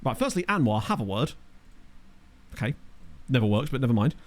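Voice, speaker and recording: In a sing-song, mid-range voice at a fairly quick clip, a young adult man chats his way through a football management game stream. He picks up chat messages and drops wry asides, recorded on a desk mic.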